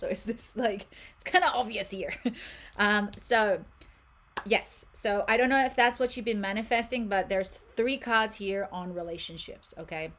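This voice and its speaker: A woman giving a casual, chatty tarot card reading to a viewer, animated and quick to laugh, with many fillers and restarts. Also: mid-range voice.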